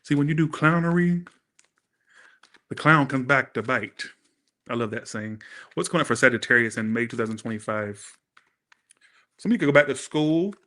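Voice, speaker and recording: A man's voice: mid-range voice, lively intonation, moderate pace, pauses often, sharp tone. A man doing a casual, chatty live-stream tarot reading, thanking viewers and swearing freely. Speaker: tarot reader.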